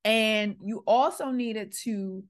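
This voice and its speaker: A middle-aged woman, a podcast host and former school principal, earnestly tells a personal story and acts out the quoted exchanges. Her voice is a little high, and she speaks slowly.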